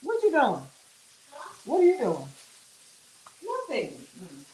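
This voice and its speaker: Woman livestream host, high voice, folksy chatter, echoey kitchen with fish sizzling behind. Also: huge pitch swings, slow, a little mellow. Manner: chatty, folksy, calls viewers honey and child. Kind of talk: casual livestream chat while cooking. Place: home kitchen. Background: fish frying and sizzling.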